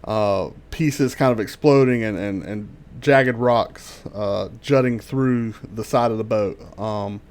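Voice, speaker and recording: A man narrating as game master over an online voice call, talking in halting bursts full of ums and restarts. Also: fairly low pitch, a little mellow.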